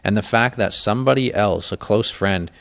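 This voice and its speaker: Man, podcast host, low gravelly voice, candid and emotional, casual cursing. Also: normal speed. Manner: candid, emotional, swears often, animated.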